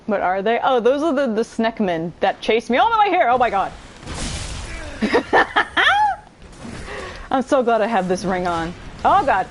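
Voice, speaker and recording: A woman giving let's play commentary, excitable and giggly, swearing freely and chatting to her viewers and to enemies on screen. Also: on the high side, unhurried, long pauses, slight background noise, low-quality recording. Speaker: gamer streamer.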